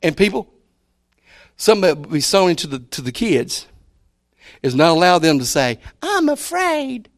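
Folksy preacher, a bit high. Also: male voice, expressive, normal speed, long pauses. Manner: folksy, repeats key words, shifts loud to soft. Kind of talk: sermon.

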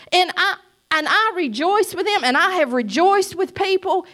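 A middle-aged woman giving a church testimony, emphatic and preachy, swinging between loud cries and soft asides. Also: very high-pitched, expressive, moderate pace.

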